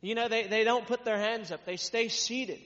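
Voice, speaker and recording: Male traveling preacher, high bright voice, long-reverb dull recording, reads then riffs casually. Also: fairly even intonation, moderate pace. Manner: reads scripture loudly, then explains in casual repetitive talk. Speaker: traveling minister. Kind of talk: sermon with scripture reading.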